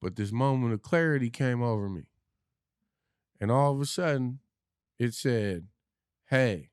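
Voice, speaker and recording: A man's voice: mid-range voice, a little slow, long pauses, darkish tone, clean tone, no echo, clean studio sound. A man, a podcast guest, telling his own story candidly and bluntly, with profanity and frequent restarts.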